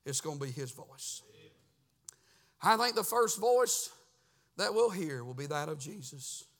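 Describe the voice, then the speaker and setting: A man preaching a sermon in a church, in a sing-song cadence that swings from hushed to shouting. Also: on the high side, lively intonation, unhurried. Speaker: pastor. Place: church sanctuary.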